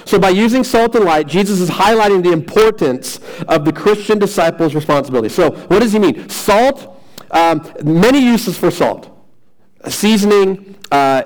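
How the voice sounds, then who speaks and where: A middle-aged male pastor preaching earnestly, circling back to repeat his points and restarting phrases as he goes. His voice sits a little high for a man. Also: a little mellow, low-quality recording. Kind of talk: sermon.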